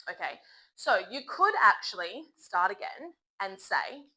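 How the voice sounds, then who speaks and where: A young adult woman teaching a beginner English lesson in an upbeat, encouraging way, modeling phrases slowly for learners to repeat. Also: a little high, big pitch swings, sharp tone, low-quality recording.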